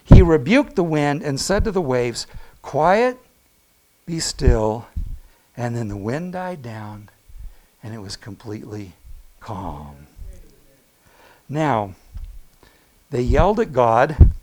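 A man preaching a sermon to his congregation, talking to them directly with asides and quick laughs, and swinging between loud calls and near-hushed moments. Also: medium pitch. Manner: animated preaching with big swings in loudness, dropping to a hush. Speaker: pastor.

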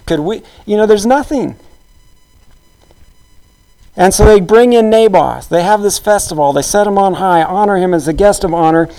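A man's voice: high voice, normal speed, pauses often, warm tone, clean tone, low-quality recording. A man preaching a sermon in a conversational, storytelling way, acting out the quotes of the people in the story.

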